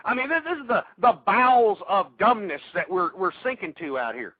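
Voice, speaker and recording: A man with a high, very animated voice hosts a call-in talk radio show, angrily ranting at his listeners about politics, insulting them and stammering as he restarts. He speaks at a moderate pace, and the dry recording has a tinny, phone-like radio sound.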